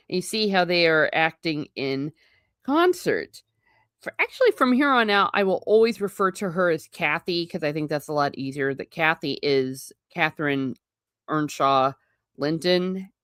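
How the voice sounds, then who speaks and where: A woman's voice: low-pitched, a bit bright, dry recording, clean studio sound. A woman hosting a live book reading, breaking in with chatty, wry asides. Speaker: book channel host.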